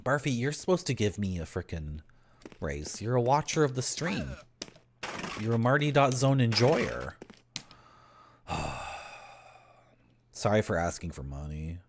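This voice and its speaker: A young man streaming a video game live, rambling through deadpan absurd tangents as he plays. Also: on the low side, unhurried, long pauses, a little hiss or hum. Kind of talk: live gameplay commentary.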